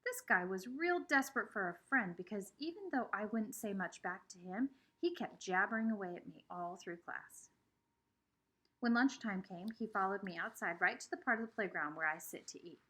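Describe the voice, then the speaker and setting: A woman's voice: medium pitch, normal speed, breathy edge. A woman reading a children's novel aloud with expression. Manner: expressive, shifting between voices. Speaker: reader.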